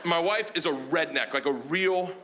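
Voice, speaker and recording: A man telling a story as a stand-up comedian on a club stage, animated and loud, with shouted punchlines and audience laughter behind him. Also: on the high side, normal speed. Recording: live stage recording with crowd noise.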